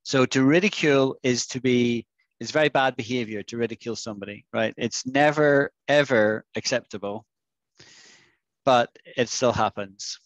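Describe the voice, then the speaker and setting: Man, English teacher, online class, patient and coaxing, spells out sounds slowly, mid-pitched voice, dry close sound. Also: no echo, dull audio. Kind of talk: online class vocabulary lesson. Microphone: video call.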